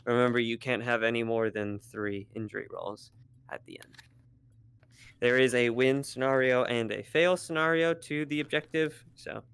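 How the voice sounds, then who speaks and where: A man's voice: medium pitch, fairly even intonation, moderate pace, a bit bright, clean tone. A man acting as game master, explaining the rules of a roleplay session in a matter-of-fact way.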